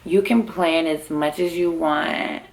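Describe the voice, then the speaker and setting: A woman's voice: low-pitched, fairly even intonation, takes it slowly, gravelly. A young woman vlogger telling a long personal story to camera in casual chat, saying "like" constantly and laughing often, recorded at home. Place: at home with her baby.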